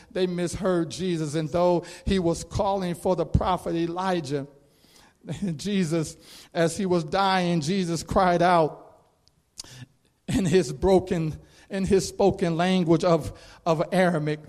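A male preacher delivering a sermon, moving from measured storytelling to fervent, shouted proclamation. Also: sits high, steady tone. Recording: long reverb of a large hall.

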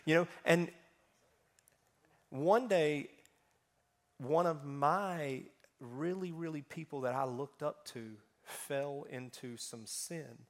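A man preaching a sermon, telling funny personal stories with animated swings between loud and soft. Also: medium pitch, measured pace. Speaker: pastor.

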